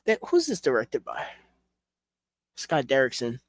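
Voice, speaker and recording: A man's voice: medium pitch, wildly swooping pitch, measured pace. A young man chatting casually as a collection reviewer, rambling with fillers and frank swearing. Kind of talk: casual chat.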